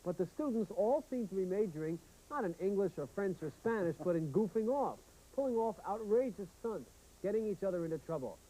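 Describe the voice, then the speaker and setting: A man's voice: high-pitched, lively intonation, a little fast, warm tone, poor audio. A man co-hosting a TV film review show, enthusiastic and chatty. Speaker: film critic, co-host. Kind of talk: scripted TV review.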